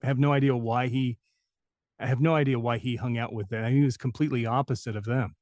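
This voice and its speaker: A man's voice: mid-range voice, steady tone, fast, a little mellow, dry recording. Rambling man telling showbiz stories, dry. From New Mexico. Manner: rambling anecdotes with many fillers and restarts. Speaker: voice actor guest. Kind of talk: interview storytelling.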